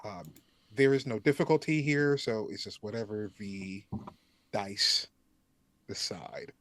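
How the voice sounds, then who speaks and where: Man, game master, slow, hesitant, plenty of ums, dry close sound. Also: on the low side, a bit bright, no room sound. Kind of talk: narrating a tabletop game.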